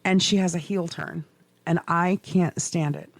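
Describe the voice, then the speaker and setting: A middle-aged woman co-hosting a podcast, telling stories in a swearing, animated way with laughs, in casual chat. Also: lowish voice, unhurried, no echo, soft background music. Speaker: podcast co-host.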